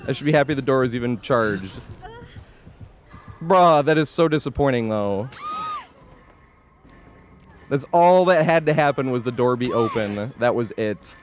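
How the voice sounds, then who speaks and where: A man talks through his live gameplay stream, with a voice that leaps up and down in pitch. He is chatty and excitable, yelling at the game and then apologizing for it. He thanks viewers between plays. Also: a little slow, long pauses, a little hiss or hum.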